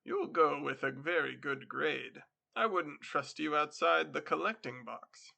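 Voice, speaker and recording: A man reading the part of a polite, sly male devil who deals in souls, with a smooth, mocking courtesy. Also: fairly high pitch, unhurried, sharp tone, full character voice.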